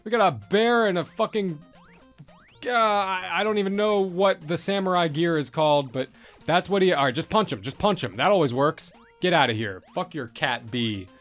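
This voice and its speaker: A man commenting on a retro game as he plays, swearing and reacting loudly. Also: sits high, moderate pace, soft background music. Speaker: gameplay streamer. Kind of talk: excitable let's-play commentary.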